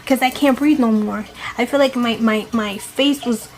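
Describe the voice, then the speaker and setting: A woman's voice: on the high side, normal speed. Emphatic woman telling a scary story. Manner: dramatic, emphatic retelling with swearing. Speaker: vlogger. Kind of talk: storytime vlog.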